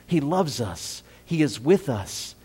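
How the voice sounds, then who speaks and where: A man preaching a sermon as pastor, rising to emphatic peaks and dropping to soft appeals, repeating phrases and asking the congregation questions. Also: medium pitch, sing-song, slow, breathy edge.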